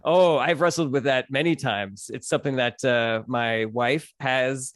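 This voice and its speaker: A man on a podcast, chatting casually and telling stories in an animated way, jumping into quick voices. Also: mid-range voice, no room sound, studio quality. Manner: animated storyteller, acts out quick voices in his anecdotes. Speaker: podcast guest, comedian. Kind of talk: casual chat.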